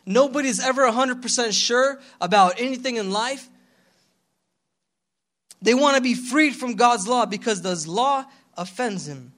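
A young adult man preaching a casual youth sermon in a slangy, animated way, calling for responses from the congregation. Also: extremely high pitch, moderate pace. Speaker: pastor.

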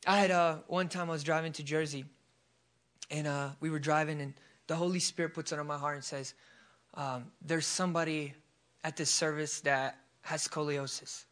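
A man's voice: fairly high pitch, fairly even intonation, moderate pace, a bit bright. A man preaching a sermon, telling a testimony in a casual way with fillers before turning fervent. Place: church service.

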